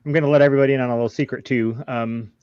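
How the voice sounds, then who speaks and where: A man hosting a casual panel chat, halting with many ums and nervous laughs. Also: mid-range voice, steady tone, a little mellow, clean tone, dry recording, muffled recording. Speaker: podcast host.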